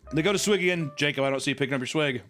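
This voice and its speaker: A man's voice: on the high side, very fast, a bit bright, soft background music. A man casually recapping a reality show for a comedy podcast, laughing often and mocking the cast with silly voices. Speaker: podcast co-host.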